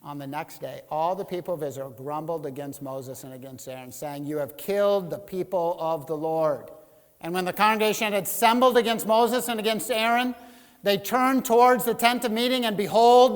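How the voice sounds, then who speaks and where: High-voiced male preacher in a reverberant church. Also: moderate pace. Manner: expressive preaching, reads scripture aloud, voices the grumbling crowd. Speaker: pastor. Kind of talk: sermon. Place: church sanctuary.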